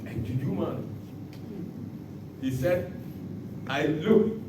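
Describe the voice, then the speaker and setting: A man preaching a sermon as pastor, bursting into shouts and acting out the words he quotes. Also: a little high, drawn-out words, heavy background noise. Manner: animated preaching with sudden shouts and dramatic quotes. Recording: echoey hall from far off.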